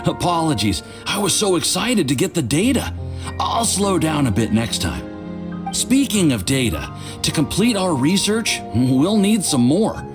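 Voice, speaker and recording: A man voicing an eager young research assistant in a video game, excitable and quick to catch himself. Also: a little high. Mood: sheepish. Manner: excitable, rushes then checks himself. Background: game music.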